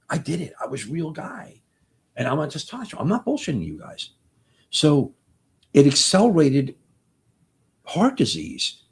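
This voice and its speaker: A man in his sixties gives a live question-and-answer talk as a doctor. His voice is very husky and raspy, and its pitch rises and falls a lot. He speaks with passion and rambles, often breaking off and restarting his sentences. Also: a little mellow. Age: 60s.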